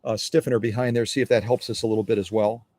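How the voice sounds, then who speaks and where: A man's voice: lowish voice, steady tone, quick pace, a little mellow, dry recording. Folksy man demoing sewing machines. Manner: chatty, folksy, repeats phrases. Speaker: sewing machine restorer hosting a live stream. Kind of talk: casual demonstration talk.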